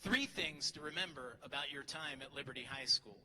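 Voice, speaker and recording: At medium pitch and a fairly quick pace, his voice sounds pushed and bright. He's a middle-aged teacher giving a joking graduation speech, teasing others and himself, from a podium in a large hall, with reverb and a faint crowd audible.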